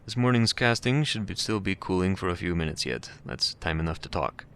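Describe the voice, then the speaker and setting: Man doing a low-voiced, courteous Russian neighbor for a game read-aloud, faint hiss behind. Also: lively intonation, brisk, a bit bright. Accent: put-on Russian. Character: cultured Russian man, pleasant and polite.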